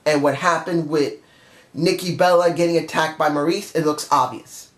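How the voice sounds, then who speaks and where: A man's voice: fairly high pitch, fairly even intonation, normal speed. A man giving an emotional, passionate review in a casual monologue straight to his viewers. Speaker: wrestling show reviewer. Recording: echoey room.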